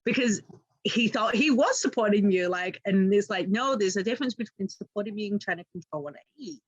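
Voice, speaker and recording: A woman's voice: mid-range voice, animated, a little fast, slightly rough, muffled recording. A woman hosts an interview podcast with a mid-range voice. The sound is dry and close, with no room echo behind it. She answers her guest conversationally and laughs easily. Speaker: podcast host.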